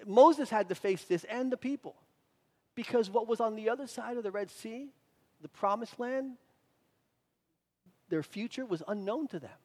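A man's voice: high voice, expressive, moderate pace, long pauses, a little mellow. A male pastor preaching a sermon, building in intensity and repeating words as he drives points home. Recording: reverberant hall.

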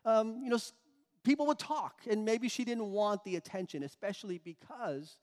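High-voiced preacher in a reverberant hall. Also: male voice, a little mellow. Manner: explanatory, emphatic, pauses and restarts. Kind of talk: sermon.

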